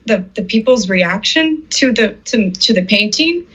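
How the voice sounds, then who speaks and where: Her voice is medium in pitch, a bit bright with a breathy edge, and lively in intonation though a little slow. The middle-aged artist tells her story in an interview with earnest feeling, acting out quoted speech, captured on slightly muffled, dull audio.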